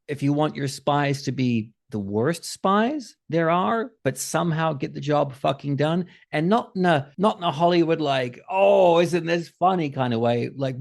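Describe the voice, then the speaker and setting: A man hosting a podcast, chatting casually in an animated, profane, self-mocking way. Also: a little high, creaky. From New Zealand. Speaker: podcast host.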